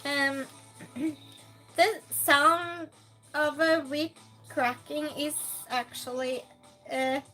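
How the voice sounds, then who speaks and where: A woman's voice: high voice, fairly even intonation, extremely slow, long pauses, sharp tone, faint music behind. A woman hosting a live-stream game night, chatting casually, reading chat aloud and playfully scolding and thanking donors.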